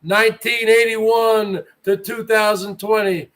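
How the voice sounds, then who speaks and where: A man's voice: high-pitched, level tone, takes it slowly, fairly bright tone. A man hosting his own livestream, ranting in a brash, mocking way with plenty of swearing. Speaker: livestream host. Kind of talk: boastful rant.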